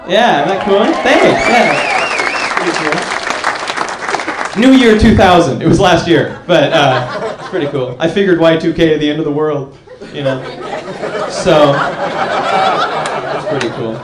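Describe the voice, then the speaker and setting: A young man performing a stand-up comedy set, telling stories with deadpan punchline pauses. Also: a little high, very noisy. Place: comedy club stage. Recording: echoey room, audience laughing. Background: crowd laughter.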